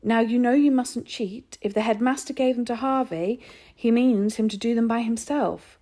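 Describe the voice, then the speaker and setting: A woman voicing a proper, firm mother who speaks briskly and a little sharply in a storybook reading. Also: fairly high pitch, dark tone, voice pushed up, close to an everyday voice.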